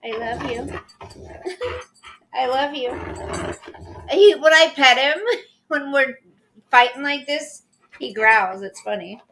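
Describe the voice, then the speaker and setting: Older woman, high voice, bright tone, slow playful baby talk, faint hiss behind. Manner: playful baby talk to her dog, laughing often. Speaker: live stream host. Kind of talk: casual live stream chat.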